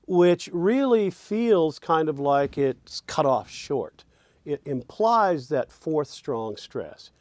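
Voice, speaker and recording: A man's voice: on the high side, expressive, takes it slowly, darkish tone, no room sound. A man teaching songwriting in a reflective lecture, often sounding out rhythms with sung syllables.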